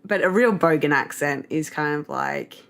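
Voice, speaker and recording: A woman's voice: deep voice, moderate pace, vocal fry, fairly bright tone. A woman with an Australian accent, talking candidly and playfully as a podcast guest while lying in bed. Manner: candid and playful, laughs easily. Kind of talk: casual interview chat.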